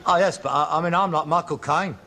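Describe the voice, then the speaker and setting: An actor playing an exasperated, scornful working-class son. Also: male voice, a little high, fast talker, natural voice. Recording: noisy old television sitcom recording.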